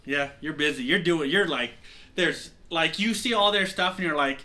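A man's voice: a little high, a little fast, bright, forceful tone. A young man narrating a tabletop game as game master, rambling with lots of fillers. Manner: rambling, heavy use of "like" fillers.

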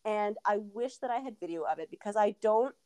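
A woman's voice: medium pitch, expressive, fairly quick, a little mellow, smooth. A woman in her thirties, a podcast guest telling a personal story in a candid, rambling way with many fillers. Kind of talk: casual interview storytelling.

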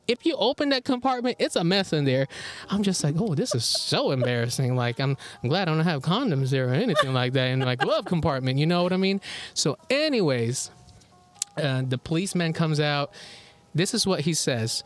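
A man co-hosting a podcast, telling a story in animated, casual chat, swearing freely and laughing often. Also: fairly high pitch, fairly quick, soft background music. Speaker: podcast co-host. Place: indoor recording with co-host beside him.

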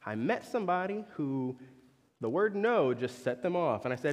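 A man's voice: fairly high pitch, animated, fairly quick, long reverb tail. A young man preaching a sermon as a conversational story, with joking asides to the congregation.

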